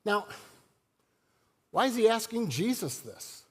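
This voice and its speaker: A man's voice: high-pitched, very animated, takes it slowly, slightly rough. A man preaching a sermon as pastor, in a conversational style and joking with the congregation. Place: church sanctuary. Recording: long church hall reverb.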